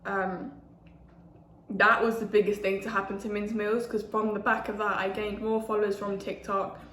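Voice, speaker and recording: A woman's voice: medium pitch, little pitch movement, moderate pace, a bit bright, slight background noise. Chatty young woman. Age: 20s. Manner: chatty, eating while talking. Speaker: food vlogger. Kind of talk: casual mukbang chat. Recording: echoey room with faint ambience.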